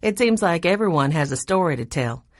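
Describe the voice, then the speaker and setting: A cheerful young woman student, voiced by the audiobook reader, full of stories. Her voice moves up and down brightly. The recording is close and dry. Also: lowish voice, lively intonation, a little fast, no echo, lightly acted.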